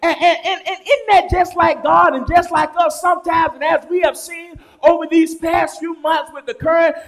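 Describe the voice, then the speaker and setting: A man preaching a sermon in a church, swinging from shouted lines to low, quiet ones. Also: steady tone, normal speed, creaky. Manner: chanting, rising to shouts then dropping low. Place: church sanctuary.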